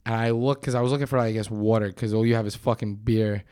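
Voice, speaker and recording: A man's voice: fairly low pitch, fast, dry recording, clean studio sound. A man guesting on a podcast, telling bar stories with lots of swearing and acting out what people said. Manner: animated, profane storytelling, acting out quotes. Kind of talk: casual chat.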